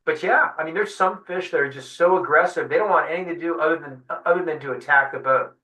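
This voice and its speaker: A fishing guide tells his story with energy, voicing each person in it. His voice is a bit high and bright. It comes from some distance in an echoey room. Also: quick pace. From San Diego. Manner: animated storyteller acting out quotes. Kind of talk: storytelling in a webinar interview.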